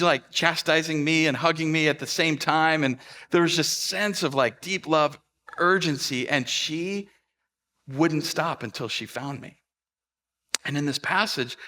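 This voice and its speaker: A man's voice: medium pitch, pushed and bright. A man preaching a sermon as a pastor, telling stories in a conversational way with fillers and restarts. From Pacific Northwest of the US.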